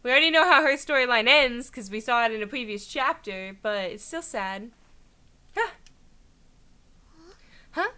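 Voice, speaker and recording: Young woman streamer, chatty, giggly, bright high voice, desk mic. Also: a little fast, hardly any pauses, clear, resonant tone. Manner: chatty, laughs often. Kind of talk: casual let's play commentary.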